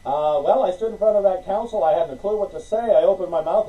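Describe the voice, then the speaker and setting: A man preaching a sermon in an animated way, acting out little conversations and laughing between points. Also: high-pitched, a little fast, recorded from a distance, dull audio. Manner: animated, acts out conversations with God, laughs often.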